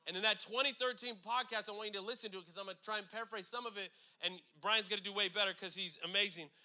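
A man from California preaching a sermon with lots of energy, casual asides, repeated lines and slow, emphatic scripture reading. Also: high-pitched, steady tone, bright, forceful tone. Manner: conversational asides like "you know what I'm saying".

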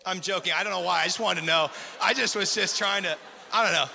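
A man with a fairly high, very bright voice preaches a lively sermon, joking and firing questions at the audience. His voice carries a long hall reverb. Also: quick pace, creaky, slight background noise. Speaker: preacher at a community gathering. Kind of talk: lively sermon with crowd interaction. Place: large hall with live audience.

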